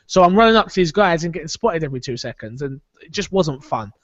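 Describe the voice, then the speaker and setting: A man with a high, light voice hosts a casual podcast chat, animated and opinionated. The sound is dry and close, but a little dull and lo-fi. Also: fast talker, no echo. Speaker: podcast host. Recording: dull lo-fi audio.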